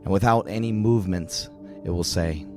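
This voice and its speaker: A man narrating a tabletop role-playing game as dungeon master, describing scenes in a lively way. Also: low-pitched, moderate pace, faint music behind.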